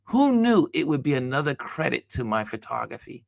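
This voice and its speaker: A man hosting a motivational talk, telling a personal story and acting out the dialogue with animated delivery. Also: medium pitch, brisk, vocal fry, dry recording, clean studio sound. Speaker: host.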